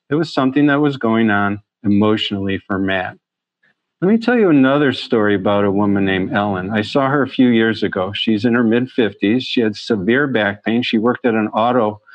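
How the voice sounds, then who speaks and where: Presenting on chronic pain, this doctor shares patient stories earnestly, frequently starting phrases over. His voice is lowish, and the recording is dry and lo-fi.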